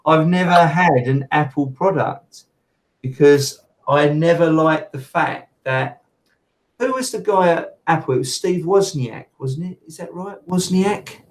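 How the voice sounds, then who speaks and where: A man's voice: a little high, measured pace, poor audio. A man talking as a podcast guest in casual conversation, rambling with fillers and restarts.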